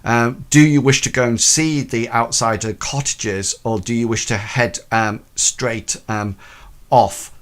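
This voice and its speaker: A man running a tabletop role-playing game, describing scenes in an unhurried, halting way full of ums and false starts. His voice sits at an ordinary middle pitch for a man. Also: fairly even intonation. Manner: hesitant, full of ums and restarts. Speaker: game master.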